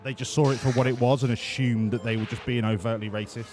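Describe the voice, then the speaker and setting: Male streamer, casual sweary running commentary, average pitch. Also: fairly even intonation, fast talker. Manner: crude, rambling, sweary.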